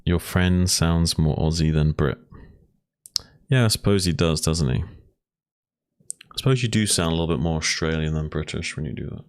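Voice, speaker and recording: A man's voice: extremely low pitch, normal speed, pauses often, no echo, clean studio sound. A man who casts games, chatting casually in a rambling, teasing way. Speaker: game caster. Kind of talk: casual chat.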